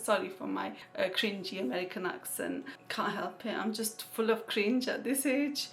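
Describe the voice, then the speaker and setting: A woman's voice: medium pitch, moderate pace, vocal fry, few pauses, a bit bright. A woman vlogger chatting casually, thanking donors one by one with frequent Islamic blessings and light laughs. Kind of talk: casual chat.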